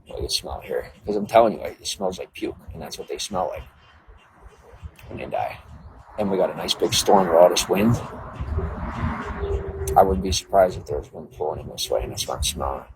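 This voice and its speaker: Male livestream host, very deep voice, loose rambling chat, outdoor phone audio with clear background noise. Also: brisk, long pauses. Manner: rambling, greets viewers by name, chatty. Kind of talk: casual live-stream chat.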